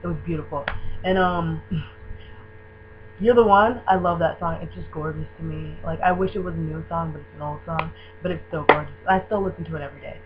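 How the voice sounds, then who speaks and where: A woman's voice: deep voice, brisk. Gushing young woman on lo-fi webcam audio. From Michigan. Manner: gushing, excitable, filler-heavy fan talk. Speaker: vlogger. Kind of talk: casual fan tag video. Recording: dull lo-fi webcam audio with faint hum.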